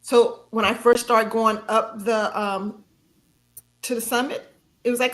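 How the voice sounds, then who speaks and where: A podcast guest, a woman, speaks at a slightly slow pace while telling a personal story with animation. Her frequent laughs and sudden high pitch when quoting herself stand out.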